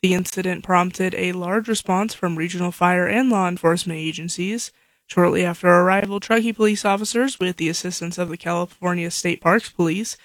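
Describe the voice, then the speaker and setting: A female local news anchor reading headlines in a steady, measured way. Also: lowish voice, no echo.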